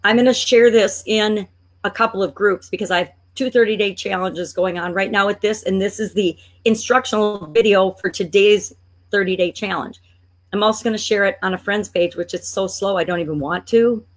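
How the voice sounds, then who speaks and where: A woman coaching online business, chatting and thinking aloud as she clicks through a screen-share tutorial, playfully exasperated at a slow computer. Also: mid-range voice, fairly even intonation.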